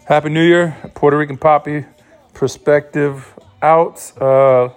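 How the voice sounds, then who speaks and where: This podcast host's fairly high voice is clear and resonant, unhurried, with fairly even intonation, and faint music plays behind him. Sleep-deprived as a new father, he rambles through a profane solo monologue riddled with restarts.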